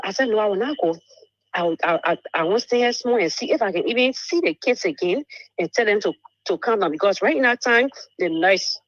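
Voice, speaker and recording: A woman, telling a painful personal story on a talk show, halting and repeating words. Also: medium pitch, no room sound. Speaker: guest telling her story. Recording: muffled dry broadcast audio.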